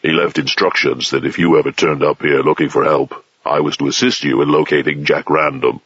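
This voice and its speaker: A man doing a cold, very deep-voiced boss. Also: a little fast, breathy edge, dry recording, heavily acted. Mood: coldly matter-of-fact. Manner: flat, businesslike, unapologetic. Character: big cold calculating man who runs child telepaths. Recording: dull lo-fi dry audiobook recording.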